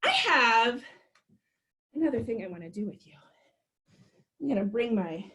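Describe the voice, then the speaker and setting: A woman's voice: fairly high pitch, very animated, normal speed, long pauses, fairly bright tone, breathy edge. A young woman leading a storytime for toddlers, talking in a sing-song, encouraging way as she does rhymes and shapes with little ones. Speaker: children's librarian.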